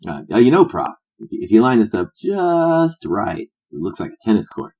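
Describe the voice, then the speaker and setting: A man voicing a drunk, brash male tennis star who talks loud and slangy. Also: on the low side, huge pitch swings, moderate pace, voice pushed up. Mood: pushy.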